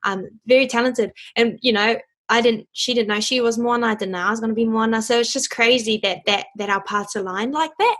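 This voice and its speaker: A young woman from New Zealand, a voice actor and singer, is the guest in a casual interview. Her slightly high, a bit bright voice moves briskly with hardly any pauses as she chats bubbly and laughs often while telling her story.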